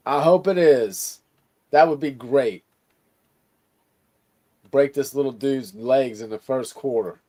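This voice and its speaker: A man's voice: medium pitch, takes it slowly, long pauses, dark tone. A man from Louisiana, a guest on a casual sports talk stream, laid-back and agreeable, with some cussing.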